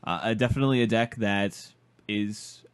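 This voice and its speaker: Here a man with a fairly low, clean-toned voice and moderate pace co-hosts a casual card-game podcast. His speech is halting, with frequent stammered restarts.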